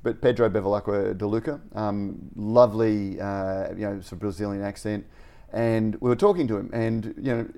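A man's voice: lowish voice, steady tone, normal speed, warm tone. A man co-hosting a podcast, chatting loosely and rambling between laughs. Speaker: podcast co-host. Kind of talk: casual podcast chat.

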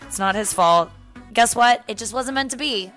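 A woman's voice: fairly high pitch, normal speed, a bit bright, faint music behind. A young woman hosting a podcast from her apartment couch, chatting casually, laughing and swearing freely. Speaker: podcast host.

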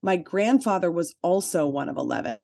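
A woman with a fairly low voice shares a personal story as a podcast co-host. Her talk is chatty and full of "like" fillers, with emphatic asides. The sound is dry and close, with no room echo. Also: expressive, a little fast, creaky, darkish tone. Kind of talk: casual chat, personal storytelling.

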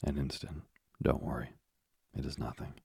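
A man voicing a frail, gentle old father in an audiobook, speaking softly and wearily. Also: very deep voice, fairly even intonation, moderate pace, creaky, husky, no room sound, clean studio sound, full character voice. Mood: gentle, weary.

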